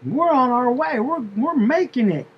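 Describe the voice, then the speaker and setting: A man's voice: extremely high pitch, big pitch swings, moderate pace, highs cut off, a little hiss or hum, voice pushed up. A man voicing an older woman with a Southern US drawl who rambles on about money she has lost. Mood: excited. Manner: rambling, breathless, lamenting.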